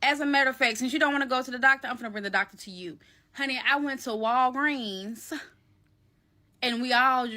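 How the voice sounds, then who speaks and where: A woman with a slightly high, crisp and bright voice tells a personal story straight to camera. She is animated and slangy, calling her audience y'all and baby. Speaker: storyteller recounting a personal event. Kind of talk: casual storytime vlog.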